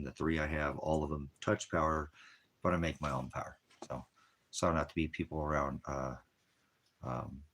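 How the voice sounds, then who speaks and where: A man's voice: a bass voice, fairly bright tone. An American man, a military veteran, hosting a ministry livestream from out in the desert and angrily berating viewers in his chat with heavy profanity. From United States.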